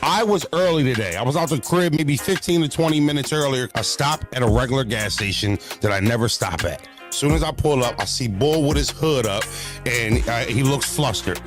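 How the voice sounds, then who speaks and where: A man's voice: medium pitch, brisk. Slangy man telling stories over music. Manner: animated, profane, slangy storytelling. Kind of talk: casual storytelling. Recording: music playing clearly behind.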